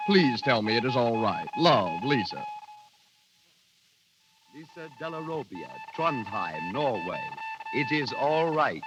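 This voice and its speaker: A man's voice: medium pitch, wildly swooping pitch, takes it slowly, pauses often, lo-fi sound. A man reading out telegrams in a clipped, telegram-like way, in 1930s radio drama style. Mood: dry. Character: male voice reading out cables. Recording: old radio broadcast with music behind.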